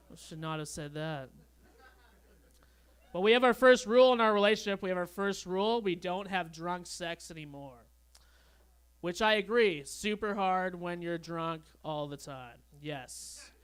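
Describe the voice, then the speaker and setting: A young man doing a stand-up comedy set on a club stage, with a deadpan, awkward storytelling manner. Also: high-pitched, smooth. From Canada.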